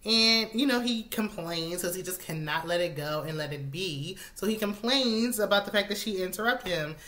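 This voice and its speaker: Woman, recap host, fairly low pitch, bright edgy tone, casual and opinionated. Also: expressive, moderate pace. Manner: chatty and opinionated, laughs often. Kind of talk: casual reality show recap.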